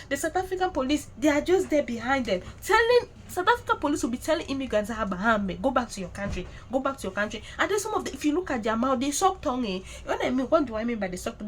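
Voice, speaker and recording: A woman hosts her own vlog, talking through the news with emphatic repetition and mocking asides. Her voice sits a little high, and a faint hiss of noise runs underneath. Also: low-quality recording. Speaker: vlogger host. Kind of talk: animated news commentary to camera.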